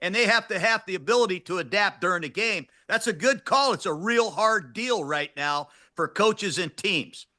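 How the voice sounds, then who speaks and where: A man's voice: high voice, expressive, normal speed, few pauses, sharp tone. An older man co-hosting a sports talk show, breaking down football with emphatic coach-like analysis.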